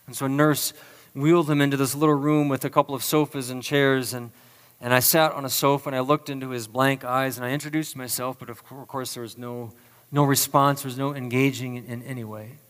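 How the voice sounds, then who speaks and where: A male pastor telling a story in a slow, earnest sermon, his lines often trailing off softly. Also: mid-range voice, flat delivery, clean tone, big-room sound.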